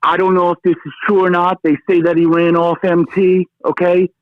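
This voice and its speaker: A man's voice: sits high, flat delivery, a little fast, dry recording. A man calling in to a sports talk show, ranting with fire and tagging his lines with "okay?" and "brother.". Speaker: caller. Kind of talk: phone-in sports rant. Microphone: phone. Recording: tinny phone line.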